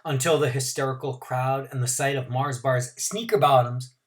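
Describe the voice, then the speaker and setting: A man's voice: medium pitch, fairly even intonation, moderate pace. A man teacher reading a novel aloud to his class, adding asides and explanations for his students.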